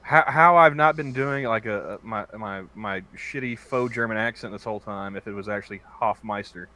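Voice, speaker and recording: A man's voice: lowish voice, normal speed, bright, forceful tone, a little hiss or hum. A man joining a casual podcast chat as a guest, trading wisecracks and jokey asides.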